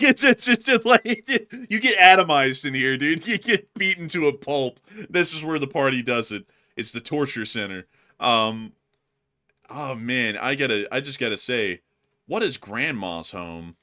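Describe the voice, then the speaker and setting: A man's voice: medium pitch, lively intonation, unhurried, pushed and bright. A male co-host chatting casually on a livestream, laughing often and thanking supporters.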